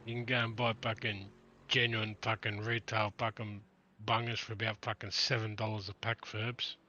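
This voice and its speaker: Bright-voiced man, swearing freely. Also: lowish voice, level tone, normal speed, dull audio, a little hiss or hum. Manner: rambling, heavy swearing. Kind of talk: casual chat.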